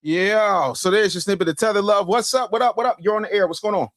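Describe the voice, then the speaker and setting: A man hosting a live call-in show, blunt and commanding, quick to take control of callers. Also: high voice, noisy background. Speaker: host.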